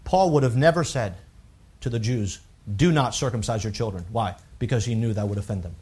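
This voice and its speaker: A man preaching a sermon, reading scripture aloud in a rising, emphatic voice and dropping low and quiet to explain his points. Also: fairly quick, breathy edge.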